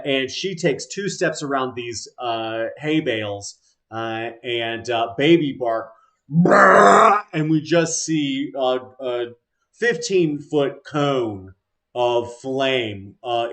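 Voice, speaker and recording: A man narrating a tabletop game as game master, slow and halting with many filler sounds. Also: medium pitch.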